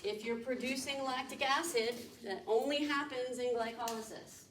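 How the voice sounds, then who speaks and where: In a lecture room, a woman professor quizzes students and explains things step by step, her high-pitched, slightly bright voice moving at a moderate pace with fairly even intonation. The audio comes from a distant, echoey room mic with background noise.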